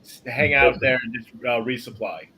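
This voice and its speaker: A man playing a tabletop game, talking casually and haltingly. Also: medium pitch, crowd noise, low-quality recording. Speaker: player.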